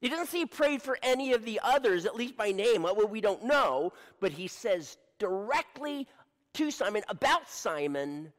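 A man preaching a sermon in a church hall, animated, asking the audience rhetorical questions and acting out scenes. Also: very high-pitched, a little slow. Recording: long hall reverb.

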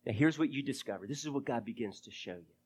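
A pastor with a husky, medium-pitched voice preaches quickly to his church. He dramatizes prayers and conversations energetically, occasionally sinking to a hushed tone.

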